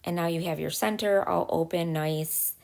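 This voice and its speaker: A woman hosting a craft channel, talking casually through a step-by-step tutorial, chatty and full of little pauses. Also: lowish voice, fairly even intonation, vocal fry, darkish tone.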